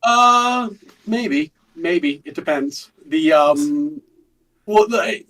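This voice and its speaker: A man's voice: fairly high pitch, lively intonation, very slow, bright, forceful tone. A man who works as an attorney, a guest on a casual political chat, talking loosely with swearing and hedged opinions. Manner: casual, profane, hedging. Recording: distant mic.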